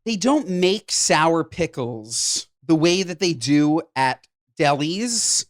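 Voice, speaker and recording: A man co-hosting a podcast in casual chat, talking in an animated, jokey and emphatic way. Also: a little high, slow pace, no echo, clean studio sound. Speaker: podcast co-host.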